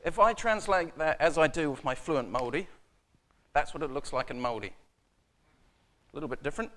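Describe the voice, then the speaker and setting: A New Zealand man gives a casual technical talk in a conference room, his voice on the high side, animated, brisk and fairly bright. He comes across as a conference speaker who is casual and self-deprecating, with plenty of ums and uhs.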